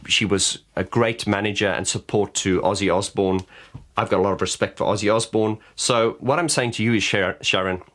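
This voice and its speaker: A man's voice: sits low, fairly bright tone. A man vlogging to camera, giving frank opinions in a blunt way and often restarting his words. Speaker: vlogger and vocal coach. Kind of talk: casual opinion rant to camera.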